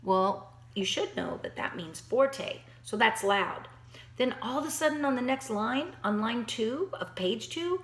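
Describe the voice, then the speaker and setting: A woman's voice: fairly high pitch, expressive, moderate pace, fairly bright tone. A woman giving a piano lesson, talking straight to her student in an encouraging way, thinking aloud and counting beats. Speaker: piano teacher. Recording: roomy echo.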